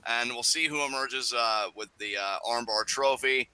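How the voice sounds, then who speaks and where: Bright-voiced young man riffing on wrestling. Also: medium pitch, normal speed, smooth, rough recording. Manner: emphatic, swears freely, animated outbursts. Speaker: podcast co-host. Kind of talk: casual wrestling review chat.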